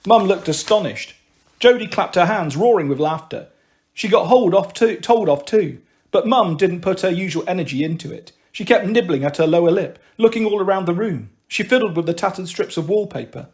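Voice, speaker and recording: A man narrating a children's novel aloud in an expressive, animated way. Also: sits high, fairly quick. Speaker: storyteller. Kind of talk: audiobook reading.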